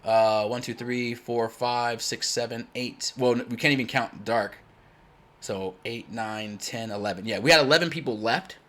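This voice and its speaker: A man born in Germany, a native German speaker, hosting a game tournament in casual chat, blunt and loud when excited. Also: mid-range voice, moderate pace. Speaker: tournament host.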